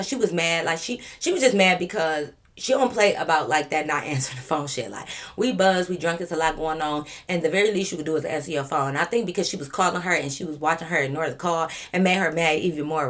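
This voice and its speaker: Animated young woman, a storytime vlogger with a lowish voice. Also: fast talker, hardly any pauses. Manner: animated, profane, acts out quotes. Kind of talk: casual storytime.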